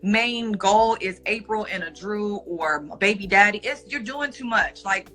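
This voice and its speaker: A woman speaks firmly and with emphasis on a live stream, lecturing her viewers. Her voice is bright and forceful, with faint music in the background. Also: medium pitch, a little slow. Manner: assertive, emphatic and preachy. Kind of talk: casual chat on a social media live stream.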